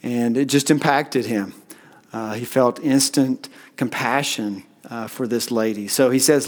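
A middle-aged man preaching a sermon in a relaxed, conversational storytelling way, with frequent "uh" fillers. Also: medium pitch, measured pace. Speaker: pastor.

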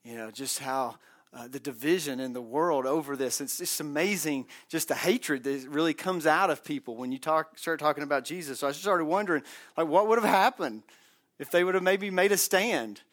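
A man leads a Bible study, his voice a touch higher than most. He talks in a loose, conversational way, reading passages aloud and stopping to explain them in plain words. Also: normal speed, fairly bright tone. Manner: conversational, reads scripture aloud with asides. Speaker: Bible class teacher.

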